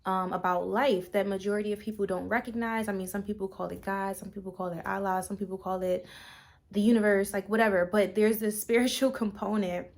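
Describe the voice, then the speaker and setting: Creaky-voiced woman musing in a vlog. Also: medium pitch, fairly even intonation, fairly quick. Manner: meandering, reflective, with fillers. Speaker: vlogger. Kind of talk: casual spiritual vlog talk.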